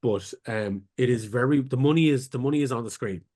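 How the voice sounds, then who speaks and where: Co-host: man, mid-pitched, dry close mic, rambling and enthusiastic, keeps restarting his sentences. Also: fairly quick, a little mellow, no room sound. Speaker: podcast co-host. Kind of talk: casual chat.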